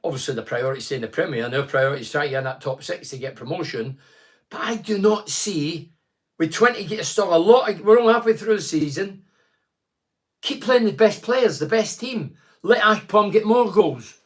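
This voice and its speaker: Middle-aged Scottish male host, casual live-stream chat with viewers, anecdotal, slightly higher pitch. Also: expressive, brisk. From Scotland. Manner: chatty, reads out viewer comments and tells anecdotes.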